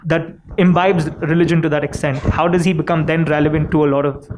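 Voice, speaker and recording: A man from the audience putting a long question to the panel, his voice sitting a little high. He hesitates often, filling gaps with ums and uhs as he builds the question. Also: flat delivery, fairly quick, noisy background. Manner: hesitant, many fillers.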